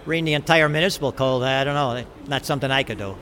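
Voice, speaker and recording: A man's voice: mid-range voice, a bit bright. A man, a city council member with a thick Chicago accent, speaking bluntly outdoors in the city. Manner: rapid, blunt.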